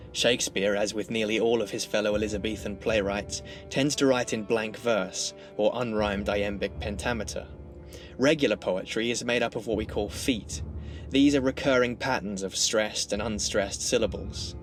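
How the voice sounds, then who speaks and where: Low-voiced man explaining literature. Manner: measured, explanatory. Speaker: literature lecturer. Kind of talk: scripted educational narration.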